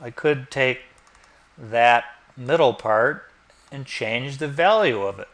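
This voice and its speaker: A man giving a screen-recorded software tutorial, explaining step by step in a relaxed way and thinking aloud. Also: mid-range voice, slow. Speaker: instructor.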